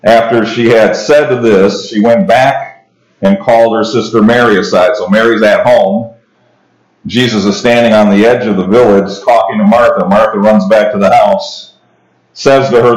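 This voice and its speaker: In a roomy, echoing space, a pastor with a lowish voice delivers an expository sermon. He reads scripture aloud and explains it as if chatting, with restarts and asides to the congregation along the way.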